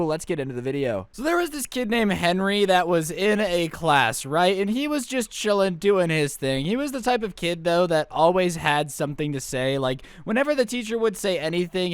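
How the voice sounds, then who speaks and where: Young male storytime host; jokey, rambling delivery, bright high pitch, dry close sound. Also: smooth, dry recording. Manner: jokey, rambling, goofy asides. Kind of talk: casual storytime vlog.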